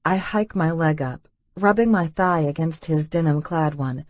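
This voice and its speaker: A woman with a lowish voice reads a romance audiobook in first person, intimate and a little breathless. The sound is close and dry, slightly dull in the highs. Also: steady tone, measured pace, no echo. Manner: intimate, breathless inner monologue. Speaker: audiobook narrator.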